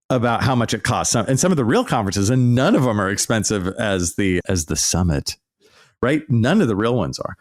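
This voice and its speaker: Sarcastic low-voiced man, lively delivery. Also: no echo, studio quality. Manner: sarcastic, mocking, animated. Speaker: podcast host, archaeology professor. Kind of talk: casual ranting commentary.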